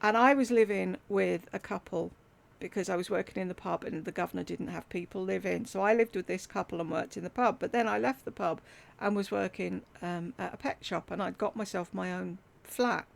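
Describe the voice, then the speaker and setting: A woman's voice: mid-range voice, a little fast, gravelly. A middle-aged woman, candidly telling a personal family story with wry humour and the odd swear word. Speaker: YouTuber telling a life story. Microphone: desktop USB mic.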